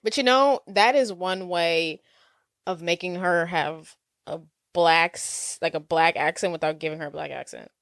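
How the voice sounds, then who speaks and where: A woman's voice: on the low side, moderate pace, fairly bright tone, dry recording, studio quality. A woman co-hosting a movie podcast, playful and slangy in casual chat. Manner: playful, laughs often, slangy. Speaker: podcast co-host.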